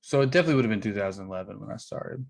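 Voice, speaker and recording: A man's voice: on the low side, expressive, very fast, creaky. A man in his thirties, a guest comedian in a casual podcast chat, teasing and dry as he tells stories.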